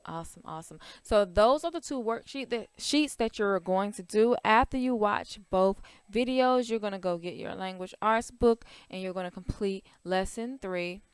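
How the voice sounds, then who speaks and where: A woman teaching a recorded language arts class to young children, upbeat and encouraging, explaining each step slowly. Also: medium pitch, smooth, dry recording.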